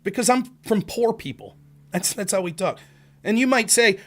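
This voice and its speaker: A man's voice: sits high, animated, normal speed. A man hosting a political livestream, talking in an argumentative monologue and acting out quoted back-and-forth exchanges. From Pennsylvania. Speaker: political talk show host.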